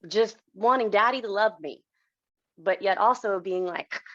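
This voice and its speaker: Woman, 30s, podcast guest, gravelly, lowish voice, candid, dry dull lo-fi recording. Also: unhurried, a bit bright, no echo. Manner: candid, emotional, acts out quoted dialogue. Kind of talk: personal storytelling in an interview.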